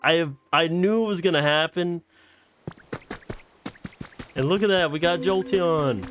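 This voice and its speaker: Excitable high-voiced male streamer. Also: measured pace, pauses often, soft background music. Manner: excitable, laughing, swearing. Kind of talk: live gameplay commentary.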